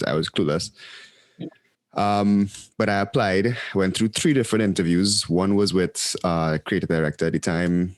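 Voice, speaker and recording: A man appearing as a podcast guest, telling a story in a quick, animated way with frequent ums. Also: deep voice, no echo. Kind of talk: casual storytelling.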